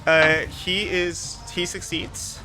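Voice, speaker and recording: A man with a slightly raised voice narrates a tabletop game as game master, relaxed and chatty with lots of fillers. Game music plays clearly under him. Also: sits high, takes it slowly.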